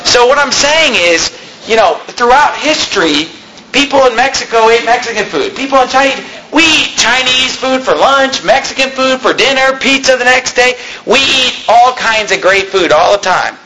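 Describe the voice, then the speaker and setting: High bright-voiced pastor preaching. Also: male voice, a little hiss or hum, poor audio. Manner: conversational preaching with humorous asides and chuckles. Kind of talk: sermon. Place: church hall.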